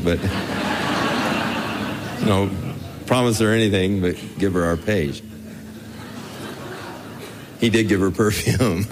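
Folksy older man preaching with lively pitch. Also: slight background noise. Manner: folksy, storytelling, chuckles as he talks. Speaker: pastor. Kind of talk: conversational Bible teaching sermon.

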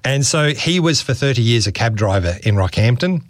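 A man's voice: mid-range voice, moderate pace, dry recording, studio quality. A man with an Australian accent, a regular radio guest, chatting casually about history with a voice worn from days of guiding tours. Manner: chatty, relaxed storyteller with fillers. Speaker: regular history guest, walking tour guide.

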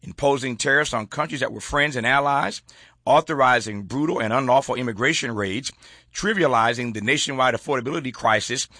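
A political talk show host reads aloud from a column and then riffs on it in a folksy, chuckling way. His medium-pitched voice is bright and pushed, his pace fairly quick, and the studio recording is clean with no room sound.

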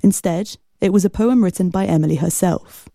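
A woman reporter narrating a news report in a measured way. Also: fairly low pitch, vocal fry, dark tone, no room sound, clean studio sound.

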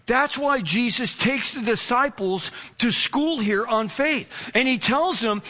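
A male pastor preaching a sermon, telling a personal story in an animated way and acting out the quoted voices. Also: extremely high pitch, a little slow.

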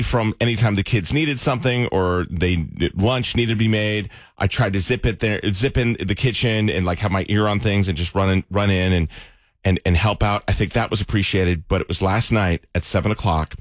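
A man's voice: sits low, no echo, studio quality. A man in his thirties, a morning radio host, telling a sincere family story with self-deprecating jokes.

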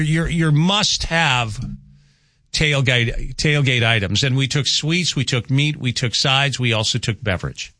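A man's voice: fairly low pitch, a bit bright, no echo. A man hosting a morning radio show, chatting casually, joking and reading listener texts aloud at a studio microphone.

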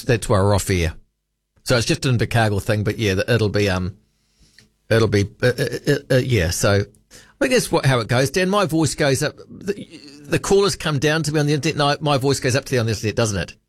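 A man's voice: medium pitch, no room sound. Man, New Zealand accent, talkback radio host, rambling chatty delivery, dry close studio sound. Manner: rambling, chatty, self-correcting. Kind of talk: late-night talkback radio chat.

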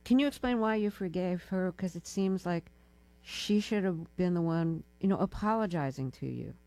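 An older woman hosting a studio interview, asking measured, probing questions. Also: fairly low pitch, dark tone. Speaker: radio interview host.

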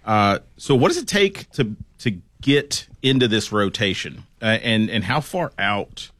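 A man co-hosting a casual radio talk show, joking and animated. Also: fairly low pitch, no echo. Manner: joking, animated, quick asides. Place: radio studio.

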